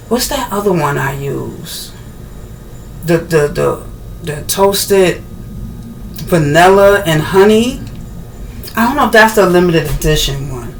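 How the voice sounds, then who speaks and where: A woman's voice: lowish voice, slight background noise. Chatty woman vlogging in a kitchen. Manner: chatty, rambling, animated bursts of excitement. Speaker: cooking vlogger. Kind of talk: casual cooking demonstration.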